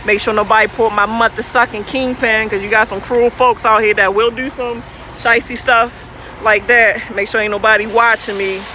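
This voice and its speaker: A woman's voice: on the high side, little pitch movement, normal speed, pushed and bright. A woman truck driver chatting casually and playfully with her livestream viewers, speaking into a phone. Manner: playful, goofy, talks back to viewers' comments. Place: outdoors by a truck at night. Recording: faint outdoor vehicle noise.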